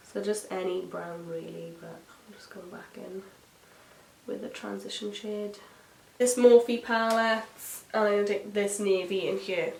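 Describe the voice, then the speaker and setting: A woman talks through her makeup routine in a loose, gossipy ramble, full of "like" and side tangents. Her voice sits at a middling pitch and carries the echo of a bare room at home. A faint hiss runs underneath. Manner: rambling, gossipy, many fillers and asides. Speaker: beauty vlogger. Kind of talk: chatty get-ready-with-me makeup tutorial.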